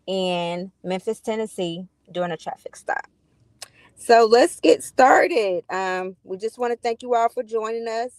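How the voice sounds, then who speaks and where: Woman hosting a town hall in a dry room. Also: mid-range voice. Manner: reads names in a list, slips on a name. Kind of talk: reading introductions, then casual hosting.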